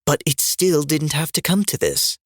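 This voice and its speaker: A man's voice: on the high side, moderate pace, dry recording, clean studio sound, voice pushed up, natural voice. A man reading the lines of an earnest male spiritual guide under strain in an audiobook, trying to sound reasonable.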